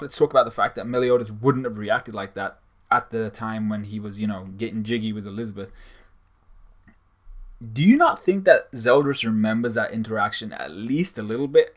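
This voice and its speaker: A man giving a casual, sarcastic manga chapter review, swearing freely and acting out the characters' lines. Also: on the low side.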